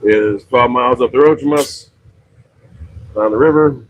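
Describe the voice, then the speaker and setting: The sound is phone quality with a little hiss or hum. A middle-aged western Pennsylvania man, medium-pitched and unhurried, casually rambles on a livestream about his pizza shop, using many fillers and frequently correcting himself.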